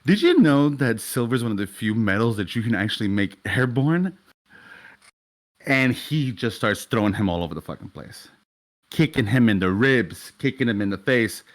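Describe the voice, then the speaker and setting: Casual, swearing young game master narrating. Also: male voice, medium pitch, animated, normal speed.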